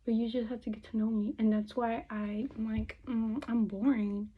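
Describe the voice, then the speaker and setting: Swearing chatty young woman, husky voice. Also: on the high side, level tone, normal speed. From United States. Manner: chatty, loose, swears a lot, slips into Spanish. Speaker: beauty vlogger. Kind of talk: casual makeup chat. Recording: dull lo-fi phone audio.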